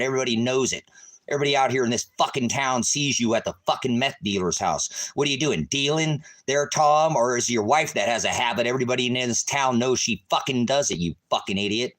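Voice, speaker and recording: A man ranting at his viewers on a livestream, cursing and taunting them, swinging between shouting and low muttering. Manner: angry, cursing, taunting, repeating insults. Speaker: ministry livestreamer. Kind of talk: profane livestream rant at viewers.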